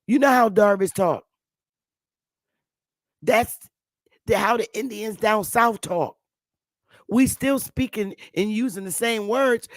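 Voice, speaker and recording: A woman in her fifties talks in a loose, rambling monologue, circling back over her points and tossing out "sweetheart" and "love" to her listeners. Her voice sits at an ordinary middle pitch, and the recording is dry and close, with no room sound. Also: dry recording. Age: 50s. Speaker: channel host. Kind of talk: casual monologue. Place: Connecticut.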